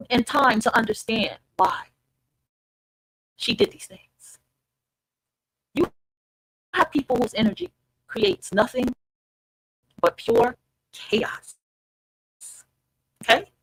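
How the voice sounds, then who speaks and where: A woman's voice: fairly high pitch, animated, slow pace, long pauses, a bit bright, slightly rough, no room sound, rough recording. A woman hosting an online podcast, talking casually and emphatically to her listeners and swearing freely. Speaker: podcast host. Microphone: streamed online podcast.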